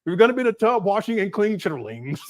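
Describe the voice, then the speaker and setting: Livestream host, man, high lively voice, giggly and mocking. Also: a little fast. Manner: laughs constantly, mocking. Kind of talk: casual livestream commentary.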